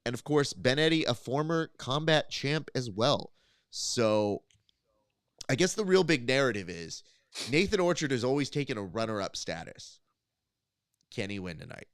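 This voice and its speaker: A man hosting a casual panel show, chatty and playful, quick to laugh. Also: medium pitch, animated, clean tone, dry recording, studio quality. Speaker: host.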